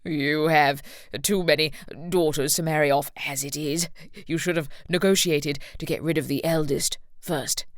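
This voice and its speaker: A woman voicing a tipsy, rude older uncle who slurs his words slowly and loudly in an audiobook. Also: low voice, steady tone, dry recording, clean studio sound, natural voice. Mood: mocking. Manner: slurred, slow, loud and mocking. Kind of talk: audiobook narration.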